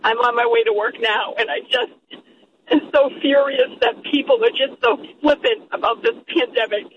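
A woman calling in to a radio show, heated and halting, repeating herself as she talks. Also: a little high, muffled recording, noisy background. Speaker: caller, healthcare worker. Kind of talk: phone-in call.

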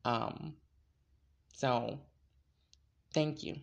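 A woman's voice: a bass voice, very slow, creaky. A woman hosting a podcast, chatting casually and introducing her guest with lots of fillers. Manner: chatty, warm-hearted, filler-heavy. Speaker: podcast host.

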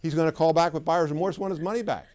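A man's voice: a little high, fairly even intonation, fast talker, a little mellow. A middle-aged man giving a live sales training seminar, talking in a conversational, emphatic way and putting questions to the audience. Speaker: sales trainer for clinic owners.

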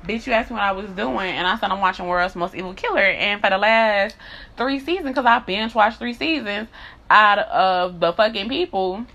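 A woman's voice: medium pitch, fairly quick, creaky, bright, forceful tone. A woman talking bluntly in a candid monologue, swearing often, repeating herself and building into heated rants. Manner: profane, blunt and repetitive.

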